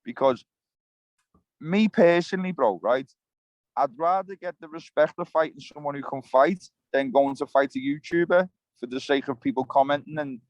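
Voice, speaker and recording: A man's voice: on the high side, dry recording, rough recording. Blunt, swearing man. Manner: blunt, swearing straight talker. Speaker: interview guest. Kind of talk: heated interview rant. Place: outdoors by water, fishing.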